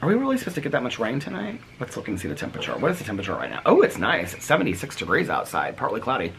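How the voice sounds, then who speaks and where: A middle-aged man vlogging at home in casual chat, excitable and chatty, breaking off now and then to talk about animals in the yard. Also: medium pitch, racing, vocal fry, a little hiss or hum.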